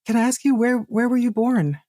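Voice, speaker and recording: A woman's voice: a little high, animated, a little fast, dark tone. A woman hosting a podcast interview, asking curious questions and affirming her guest. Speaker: podcast host.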